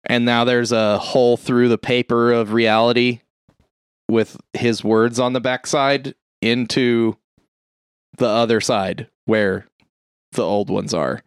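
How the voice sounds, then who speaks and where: A young man in casual chat, animatedly retelling a film plot with lots of swearing, jumping into high squeaky voices for the characters. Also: steady tone, takes it slowly, clear, resonant tone, dry recording, clean studio sound. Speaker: podcast co-host retelling a film.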